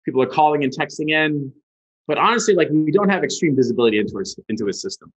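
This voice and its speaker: A man being interviewed as a guest, telling a story with lively energy. He talks casually, swears freely and acts out the people in his story. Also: a little high, fast talker, slightly rough. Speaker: guest, ad agency founder. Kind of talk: animated storytelling. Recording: dull lo-fi sound.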